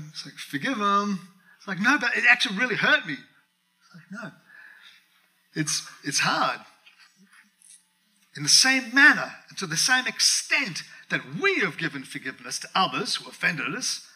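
A middle-aged man preaching a sermon, telling a personal story with animated acted-out dialogue and frequent laughter. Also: on the high side, low-quality recording. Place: church.

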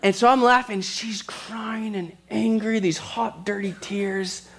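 A man as pastor, preaching a sermon in a conversational way and telling stories with quick asides. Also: high-pitched, fairly even intonation, gravelly.

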